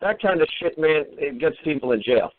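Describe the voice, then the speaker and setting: A man's voice: fairly high pitch, lively intonation, fairly quick, slight background noise. A man hosting a call-in radio show, scolding and mocking his caller in a profane rant. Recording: tinny phone-line radio audio.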